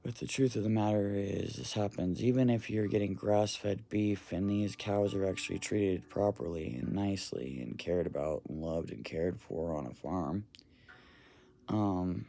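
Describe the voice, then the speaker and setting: A man's voice: sits low, gravelly, mellow. A man talking casually to camera, earnestly retelling a story in a rambling way and swearing now and then. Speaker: vlogger.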